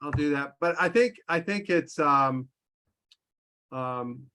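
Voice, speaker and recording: A man's voice: on the high side, slow pace, bright, forceful tone. A man hosting a casual group call over video chat, chatty and friendly, with frequent restarts. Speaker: workshop host.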